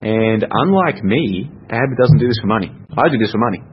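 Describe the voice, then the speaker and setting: A man's voice: fairly low pitch, lively intonation, a little fast. Aussie guy rambling on his podcast, kinda dull lo-fi sound, bit of hiss. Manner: rambling, chatty, self-correcting. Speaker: podcast host. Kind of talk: casual solo podcast chat. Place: home room. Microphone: computer mic. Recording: dull lo-fi audio with faint noise.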